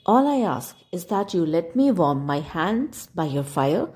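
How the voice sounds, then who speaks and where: A woman's voice: on the low side, big pitch swings, measured pace, a little mellow. A woman voicing a shabby, polite wandering man who coaxes and persuades. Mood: coaxing. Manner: polite, courtly and coaxing.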